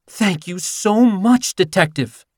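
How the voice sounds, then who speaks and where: A man voicing a frantic, gushing woman who owns a cat, with a high, drawn-out voice. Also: animated, no echo, clean studio sound, exaggerated voice.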